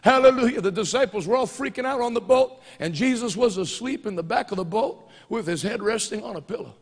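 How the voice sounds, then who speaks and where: A man preaching a fervent sermon, moving between quiet storytelling and loud, rousing declarations. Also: high-pitched, brisk, husky. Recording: church hall reverb.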